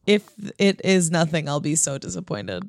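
A woman's voice: sits low, very animated, a little mellow, no echo. A woman hosting a podcast, chatting casually and teasing her co-host. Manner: teasing, quick to laugh.

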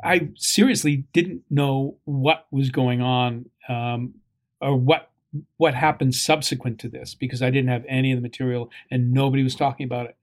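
Casting note: older male actor guest, middle-pitched, hesitant, searching for words. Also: steady tone. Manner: halting, many ums and uhs. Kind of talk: conversational interview.

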